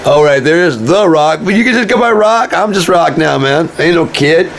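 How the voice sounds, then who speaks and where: Man doing an impression of a boastful aging rocker guy, cocky drawl, pitched up high. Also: expressive, normal speed, vocal fry, a little hiss or hum.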